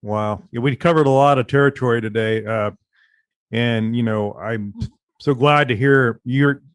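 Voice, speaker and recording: A man's voice: medium pitch, unhurried, clear, resonant tone, no echo, studio quality. A man co-hosting a podcast, affirming his guests and summing up the conversation. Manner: affirming, sums up the talk. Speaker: podcast co-host. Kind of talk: casual interview.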